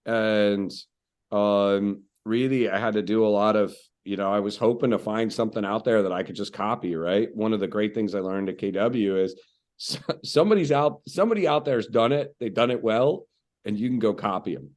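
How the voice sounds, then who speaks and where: Low-voiced man, coach telling stories. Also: normal speed. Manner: storytelling, animated, frequent fillers. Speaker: guest, real estate coach. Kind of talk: conversational podcast interview.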